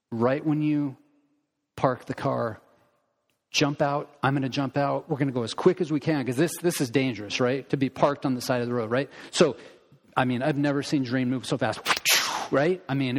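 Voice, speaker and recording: A middle-aged man preaching a sermon as pastor, telling stories in a conversational, animated way to his congregation. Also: mid-range voice, in a large hall. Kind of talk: sermon with storytelling. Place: church sanctuary.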